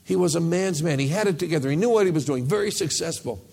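A pastor preaches to his congregation in an easygoing, conversational way. His voice sits a little high for a man and is gravelly and husky. Now and then he acts out the voices of people praying. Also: lively intonation, quick pace, a little mellow. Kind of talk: sermon.

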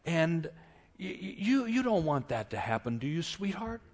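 A male preacher voicing a young queen who speaks softly and haltingly, full of hesitations. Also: on the high side, sing-song. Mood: hesitant.

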